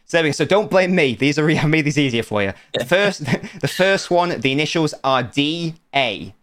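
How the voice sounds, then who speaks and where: A man's voice: fairly high pitch, lively intonation, normal speed, fairly bright tone. A young man hosting a podcast quiz segment in a casual, playful, teasing way, often laughing. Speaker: podcast host running a quiz.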